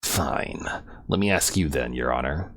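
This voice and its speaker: A man voicing a cool, sneering male prosecutor with a slow, hissing drawl. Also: very deep voice.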